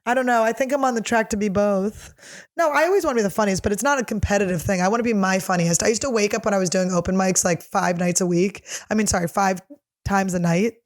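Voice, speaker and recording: Woman in her thirties, comedian host, casual solo chat, blunt, profane, quick to laugh, middle pitch. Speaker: comedian podcast host answering fan questions. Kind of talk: casual solo chat, reading questions aloud.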